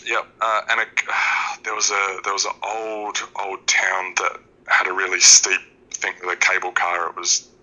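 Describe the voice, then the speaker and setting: A laid-back Australian man in his thirties calls in to chat on a show. His voice sits very low but has a hard, tense edge. He explains things plainly and easily. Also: completely flat delivery, moderate pace, bright, forceful tone, muffled recording. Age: 30s. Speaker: caller. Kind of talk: casual call-in chat.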